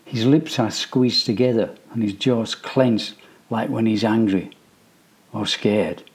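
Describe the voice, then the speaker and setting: A man narrating a story slowly in a hushed, suspenseful voice. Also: lowish voice. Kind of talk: scripted narration.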